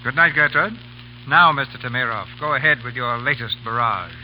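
Male host, formal and genial, bright voice, 1930s radio. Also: medium pitch, fairly quick, slight background noise, low-quality recording.

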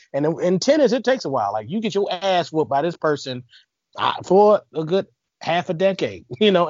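A brash man talking sports with plenty of slang and swearing, teasing as he goes. His pitch is a little high and swings widely. The sound is dry and muffled. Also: darkish tone, no room sound. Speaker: podcast host. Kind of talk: casual sports chat.

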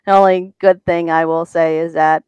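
A woman's voice: low voice, flat delivery, normal speed, clear, resonant tone, dry recording, lo-fi sound. A woman on a talk show as a guest from a race team, telling a story and often stammering and repeating words.

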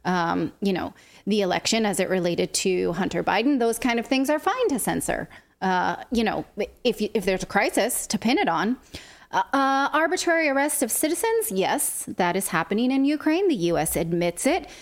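Woman co-host, political commentary, sarcastic, reads from a report, mid-pitched voice. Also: animated, normal speed.

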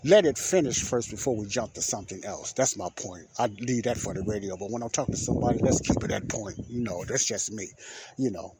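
Rambling storyteller man with a low voice. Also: a little fast, heavy background noise. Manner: rambling, repeats himself, acts out quoted dialogue. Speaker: podcast host. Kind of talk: casual storytelling monologue.

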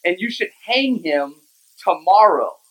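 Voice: mid-range voice, lively intonation, measured pace, poor audio. A preacher voicing the advisor's family and friends as they plot, casually, in a sermon. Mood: scheming. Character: advisor's eager family and friends giving advice.

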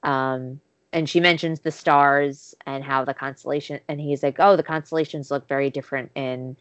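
A woman with a very deep voice and moderate pace co-hosts a podcast, casually recapping a show's episode and animatedly acting out its dialogue. There's no echo, though the recording is muffled.

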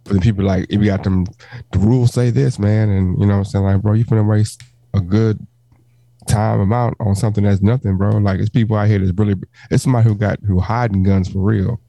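A laid-back man chatting on a podcast, rambling and slangy. His voice is lowish and mellow. The sound is dry and close. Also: level tone, quick pace, no echo, poor audio. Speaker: podcast co-host. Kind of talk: casual chat.

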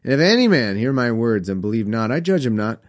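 A man reads old scripture aloud and keeps breaking off into wry, joking commentary. His pitch swings a lot, and the reading sounds unpolished and homemade. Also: very animated, fast. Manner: wry, joking asides between formal reading. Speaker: Bible reader and commentator. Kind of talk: scripture reading with comic asides.

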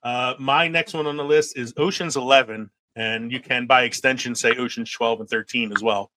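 A man's voice: mid-range voice, fairly even intonation, normal speed, bright, forceful tone, dry recording, rough recording. A man in casual movie chat as a podcast co-host, laughing often and trailing off into fillers.

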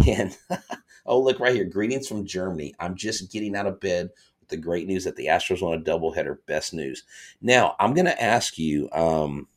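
A man hosting a live sports podcast, chatting casually and reading viewer comments aloud in excitable fan banter. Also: low-pitched. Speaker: podcast host.

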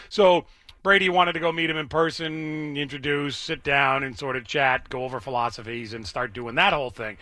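A man's voice: a little high, bright, forceful tone, dry recording, studio quality. A man hosting a talk radio show, telling a story in a chatty way and addressing his co-host. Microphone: studio microphone.

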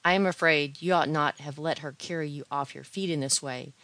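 A woman reading aloud, voicing a timid, fussy gentleman who gives solemn advice in a mournfully comic tone. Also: low voice, brisk, no room sound. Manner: solemn, lamenting, earnest advice.

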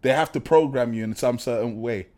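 A man, co-hosting a casual podcast chat, animated and argumentative. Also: medium pitch, fairly quick, a crowd in the background. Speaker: podcast co-host.

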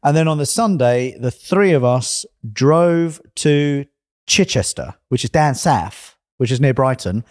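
A man's voice: medium pitch, expressive, a little slow, a little mellow, no echo, clean studio sound. A man from England co-hosting a casual podcast chat, telling rambling stories and correcting himself as he goes. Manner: rambling, self-correcting storyteller. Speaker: podcast co-host.

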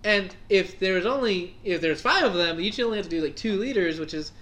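A man's voice: sits high, expressive, a little fast, fairly bright tone. Rambling man full of fillers. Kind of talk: casual chat.

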